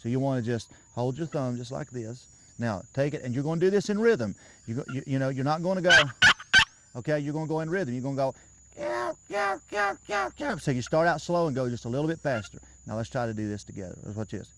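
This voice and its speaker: Folksy man teaching outdoors over loud crickets. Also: medium pitch, quick pace, very noisy. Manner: folksy, patient, repeats himself. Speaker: turkey calling instructor. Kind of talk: casual hands-on lesson.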